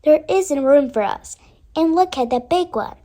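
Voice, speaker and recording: A flock of rude, snobbish farmyard ducks who jeer loudly, their voices pitched high and pushy, as a woman puts them on while reading. The sneer is plain in every word. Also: animated, unhurried. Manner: loud, sneering.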